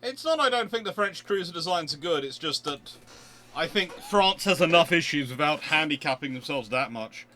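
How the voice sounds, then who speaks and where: Lively streamer, sharp bright tone, talks himself through a strategy game, exasperated asides. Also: male voice, on the high side, normal speed. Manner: thinks aloud, exasperated and mock-outraged. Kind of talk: live gameplay commentary. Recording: faint background music.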